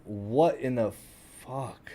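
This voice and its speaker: A man's voice: medium pitch, extremely slow, warm tone, a little hiss or hum. Frustrated swearing gaming streamer, man. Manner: profane, swears a lot, frustrated muttering. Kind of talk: casual gaming commentary.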